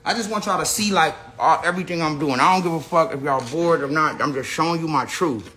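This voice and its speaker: A man's voice: fairly high pitch, fast, pushed and bright, a little hiss or hum. An American man ranting on a casual phone livestream, rambling with lots of slang, profanity and restarts. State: says he is high. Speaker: live streamer. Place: indoor room with a big screen.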